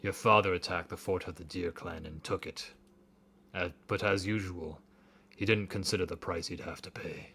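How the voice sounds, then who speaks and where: A man voicing a wounded, burly old uncle in a narrative game, reading his lines in a low, subdued, somber way. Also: steady tone, moderate pace, pushed and bright, slight background noise. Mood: grim. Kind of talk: reading game dialogue aloud.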